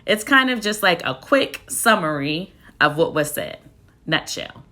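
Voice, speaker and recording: A woman's voice: fairly low pitch, lively intonation, normal speed, sharp tone. A woman teacher giving a phonics lesson, patiently sounding out and spelling words one syllable at a time. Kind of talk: phonics lesson, slow and deliberate.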